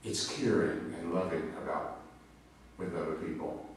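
A man's voice: low voice, unhurried. A male pastor preaching a sermon in a conversational, storytelling way, sharing personal anecdotes. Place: church sanctuary. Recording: very echoey hall, mic far off, faint noise.

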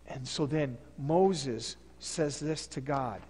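A man's voice: on the high side, expressive, unhurried, warm tone, big-room sound. A male pastor preaching a sermon in a conversational, storytelling manner. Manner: conversational preaching, fillers and restarts. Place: church sanctuary.

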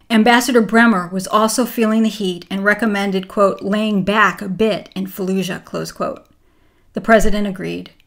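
A woman giving scripted documentary narration in a measured, even reading voice. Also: medium pitch.

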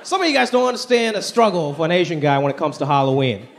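A man's voice: on the high side, sing-song, fast, gravelly, a little hiss or hum. A man doing a stand-up comedy set in a theater, talking conversationally with punchy delivery and exaggerated impressions. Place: large theater with live audience. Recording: live stage recording with loud crowd. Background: audience laughter and applause.

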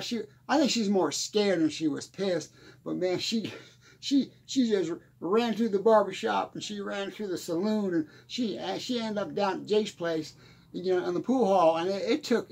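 A man's voice: high-pitched, gravelly, breathy edge, heavily acted. A man playing a rambling small-town country singer, stammering and chuckling as he talks. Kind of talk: comedic character monologue.

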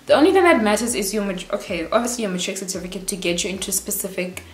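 A South African woman in her twenties giving casual life advice as a vlogger, in a quick, chatty, animated way. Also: medium pitch, a little hiss or hum. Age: 20s. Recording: roomy echo.

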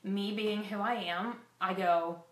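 A woman's voice: medium pitch, fairly even intonation, takes it slowly, echoey room. A woman frankly recounting a frightening personal experience to her viewers, with self-deprecating asides. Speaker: fitness vlogger sharing a personal story. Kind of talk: candid personal storytelling.

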